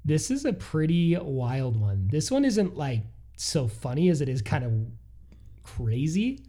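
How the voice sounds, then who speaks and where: A man co-hosting a podcast, telling a listener's story in a casual, animated way with frequent laughs. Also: a little high. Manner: animated, laughs often, quick asides. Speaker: podcast co-host.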